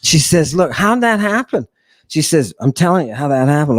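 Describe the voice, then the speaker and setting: A male podcast host lectures on ancient texts on his talk show, theatrical and mocking, packed with rhetorical questions and asides. His fairly high voice is sing-song at a moderate pace, in a dry recording.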